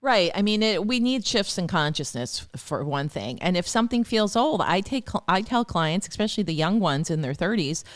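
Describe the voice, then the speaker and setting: Smooth low-voiced woman giving advice. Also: expressive, normal speed, hardly any pauses. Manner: chatty, acts out clients' words. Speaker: astrologer guest. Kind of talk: podcast interview, advice talk.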